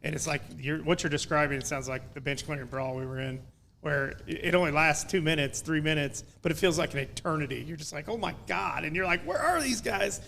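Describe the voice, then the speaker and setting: A man's voice: a little high, fairly even intonation, quick pace, vocal fry, fairly bright tone, slight background noise. A man hosting a podcast, chatting casually and teasing his guest with a ready laugh. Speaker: podcast host. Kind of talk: casual chat.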